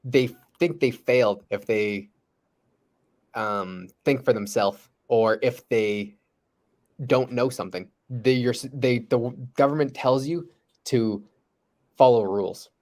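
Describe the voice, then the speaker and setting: A man's voice: medium pitch, slow pace, darkish tone. A young adult man co-hosting a podcast, speaking earnestly in casual talk with frequent restarts. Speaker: podcast co-host. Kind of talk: casual discussion.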